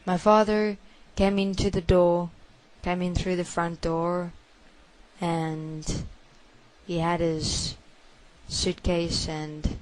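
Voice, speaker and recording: A woman recounts a confession in the first person. Her voice sits a little low, and she speaks very slowly. She talks in a halting, hushed way and circles back over the same phrases again and again. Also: level tone, rough recording. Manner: halting, hushed storytelling with many repetitions.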